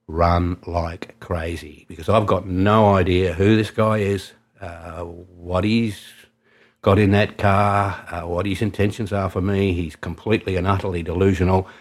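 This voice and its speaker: A man with an Australian accent, a taxi driver telling a vivid anecdote in colloquial, conversational speech. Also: sits low. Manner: colloquial, vivid storytelling, drops quiet for tension. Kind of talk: spoken anecdote.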